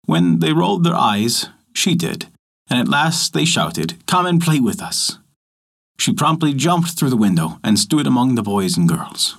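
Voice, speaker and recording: A man narrating a folktale as a storyteller, in a measured, expressive manner. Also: medium pitch, vocal fry, slightly rough.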